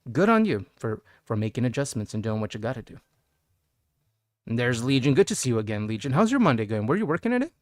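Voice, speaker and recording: A man's voice: medium pitch, very animated, fast, no room sound, clean studio sound. A man streaming live, chatting casually with viewers, goofing around and singing bits of songs. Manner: goofy, sings song snippets and jokes with chat.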